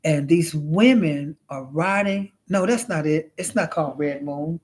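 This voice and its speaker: A man's voice: on the high side, measured pace. Flamboyant chatty man telling a story. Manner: flamboyant and chatty, calling the listener honey and child; rambling, with restarts and swearing. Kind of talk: casual storytelling monologue.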